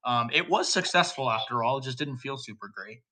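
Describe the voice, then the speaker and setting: A man's voice: medium pitch, lively intonation, a little fast, sharp tone, slight background noise. A man playing a tabletop game, describing his character's actions hesitantly with many fillers. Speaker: player.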